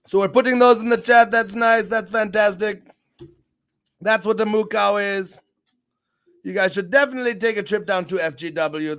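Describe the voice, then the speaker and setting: A man hosts a casual livestream, reading and greeting his chat in an upbeat, rambling way. His voice sits high for a man and carries a gravelly fry, and he bursts into loud, excited shout-outs. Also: normal speed, pauses often. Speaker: livestream show host.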